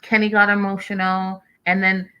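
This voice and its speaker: Chatty woman hosting a bright recap stream. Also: mid-range voice, monotone, moderate pace, clear, resonant tone, lo-fi sound. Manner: chatty, reads out live chat messages. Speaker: host of a reality TV recap show. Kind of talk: casual live-stream recap with chat reading.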